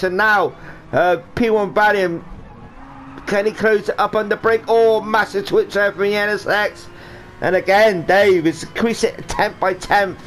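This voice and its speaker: High-voiced man calling a sim race. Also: a little hiss or hum. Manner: rambling, jokey, does silly voices for drivers. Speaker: race commentator and driver. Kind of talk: excited live sim-racing commentary.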